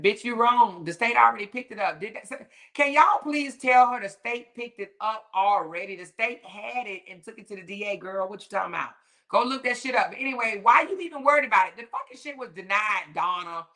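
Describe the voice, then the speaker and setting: A woman's voice: medium pitch, expressive, fairly quick, sharp tone. A woman hosting a casual commentary talk show, speaking sassily with lots of profanity, mockery and laughter. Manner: sassy, profane, mocking, laughs often. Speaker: commentary host.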